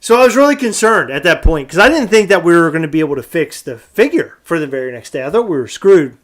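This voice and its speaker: A man co-hosting a podcast, telling a story in casual chat and acting out quoted lines loudly. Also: a little high, fast talker. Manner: animated, acts out quotes loudly. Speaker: podcast co-host.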